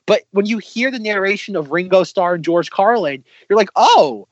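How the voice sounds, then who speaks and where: Podcast co-host, lively chatter, higher pitch, dead-dry room. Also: male voice, brisk, no room sound, muffled recording. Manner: animated, lots of vocal impressions. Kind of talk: casual chat.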